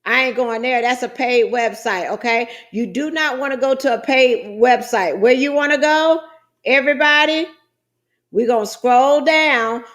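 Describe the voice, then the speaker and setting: A middle-aged woman who coaches trucking businesses runs a screen-share tutorial, guiding viewers through online business forms. Her high-pitched, slightly bright voice moves at an unhurried pace, and her folksy, chatty style has her calling viewers "guys" and "child."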